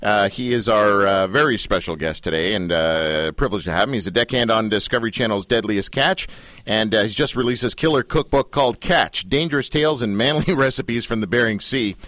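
A man's voice: lowish voice, fairly quick, dry recording. A man hosting an interview, joking around and stumbling over his own questions. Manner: jokey, animated, stumbling restarts. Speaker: host. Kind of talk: casual radio interview.

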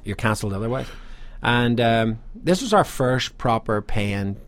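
A man's voice: mid-range voice, expressive, measured pace, no echo. A man, a singer-songwriter guest telling wry anecdotes in a casual chat. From Ireland. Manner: wry anecdotal storyteller, dry humor.

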